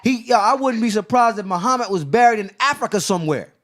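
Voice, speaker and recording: A man's voice: sits high, animated, fast talker, fairly bright tone. A man hosting a casual discussion, telling stories with lots of restarts and acting out quoted dialogue. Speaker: podcast host.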